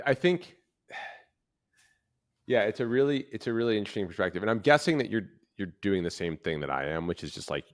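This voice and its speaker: A man hosting a podcast interview, asking questions in relaxed, loose phrasing with many fillers. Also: sits low, no room sound, studio quality. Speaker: podcast host.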